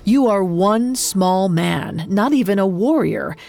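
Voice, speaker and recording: Woman doing a low, quiet warrior chief. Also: expressive, gravelly, soft background music. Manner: slow, low and measured. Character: deep-voiced one-eyed male warrior chief, calm, menacing.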